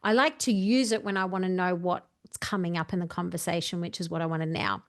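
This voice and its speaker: A woman's voice: fairly low pitch, steady tone, brisk. A woman coaching a video editing tutorial, chatty and walking through each step while correcting herself as she goes. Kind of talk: screen-share editing tutorial.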